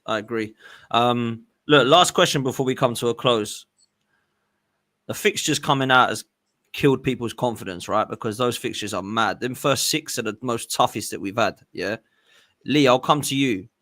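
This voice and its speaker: A man hosting a football podcast, agreeable and posing long, drawn-out questions to his guests. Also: mid-range voice, a bit bright. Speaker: podcast host. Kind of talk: casual football chat.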